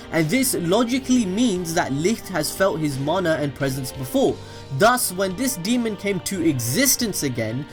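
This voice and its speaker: A man hosting a casual manga review channel, talking in an energetic, enthusiastic and rambling way. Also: fairly high pitch. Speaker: anime channel host.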